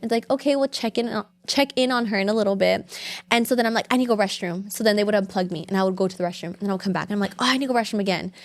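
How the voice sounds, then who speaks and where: A woman's voice: medium pitch, racing. A young woman guest in a casual chat, rambling through a personal story full of "like" and acted-out quotes. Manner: rambling, heavy on "like", acts out quotes. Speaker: podcast guest.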